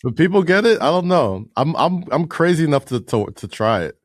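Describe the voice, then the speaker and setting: A young man from New York co-hosting a podcast, playful and quick to laugh in casual chat. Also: fairly high pitch, no echo, clean studio sound. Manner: laughing, playful, lively ups and downs. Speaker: podcast co-host.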